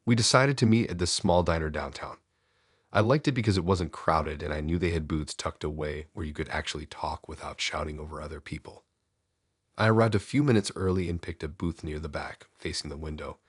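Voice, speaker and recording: Very deep, husky male horror narrator. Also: fairly quick, no echo, clean studio sound. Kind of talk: scripted first-person narration.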